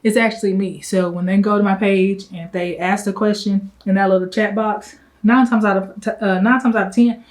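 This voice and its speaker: A young woman who runs a travel agency, chatting fast and a little breathless to camera in a casual vlog, full of fillers and asides. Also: medium pitch, fairly even intonation, low-quality recording. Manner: fast, rambling, breathless talk. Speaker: travel agent business owner.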